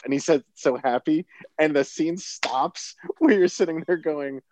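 A man's voice: medium pitch, moderate pace, darkish tone, dry recording. A man in a casual podcast chat, animatedly retelling a movie, acting out quotes and laughing often.

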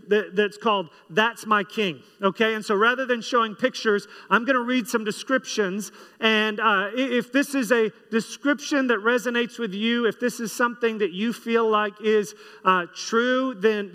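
A man's voice: high-pitched, sharp tone, clean tone. A man preaching a sermon as pastor, leading his congregation in call-and-response. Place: large church hall. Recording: long hall reverb.

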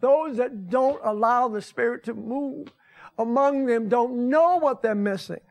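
High-voiced older man preaching. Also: measured pace, vocal fry. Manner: folksy, conversational preaching with rising emphasis. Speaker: pastor. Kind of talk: sermon. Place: church sanctuary.

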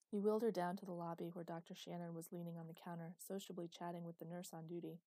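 A woman narrating a novel aloud in an expressive way. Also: lowish voice, quick pace, few pauses, no echo. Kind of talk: audiobook narration.

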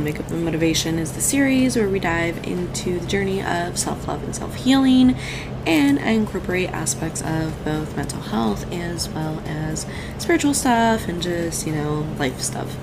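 A woman's voice: mid-range voice, poor audio. A woman hosting a casual podcast with a groggy just-woken-up voice, rambling and laughing often, with music playing behind her. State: groggy morning voice. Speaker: podcast host. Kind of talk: casual chat.

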